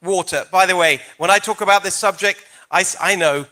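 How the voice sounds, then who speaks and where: Bright-voiced British man debating. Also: high voice, fairly quick. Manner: energetic, jokey, emphatic. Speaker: candidate in a debate. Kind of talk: campaign debate answer.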